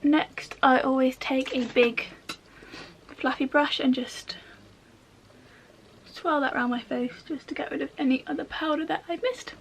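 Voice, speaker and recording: High, gravelly-edged young woman. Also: fairly even intonation, a little slow, long pauses, slight background noise. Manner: chatty and slangy, with soft half-whispered asides. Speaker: beauty vlogger. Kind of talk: casual makeup tutorial chat.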